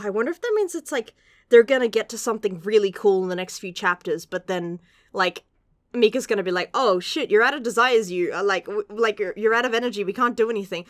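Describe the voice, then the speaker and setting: A woman's voice: medium pitch, dry recording, clean studio sound. A young woman gushing through a casual manga chapter review, laughing often and swearing casually.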